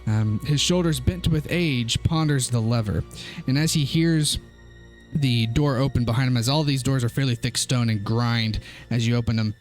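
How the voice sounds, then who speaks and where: A young man narrating a tabletop game as game master, relaxed and halting, with many fillers. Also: medium pitch, soft background music.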